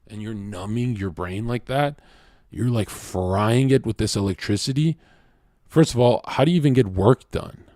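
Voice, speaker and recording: A man hosting a livestream and talking to his chat in a blunt, profane rant that swings from shouting to low muttering. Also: no echo.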